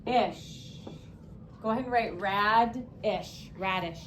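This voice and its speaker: A young woman teaching a classroom spelling lesson, upbeat, stretching words and throwing in quick asides. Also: medium pitch, fairly bright tone, a little hiss or hum.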